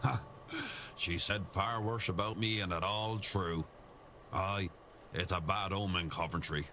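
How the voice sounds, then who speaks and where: A blunt, gruff countryman in a spooky mystery game. His voice sits very deep yet sounds sharp and bright. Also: steady tone, measured pace, a little hiss or hum.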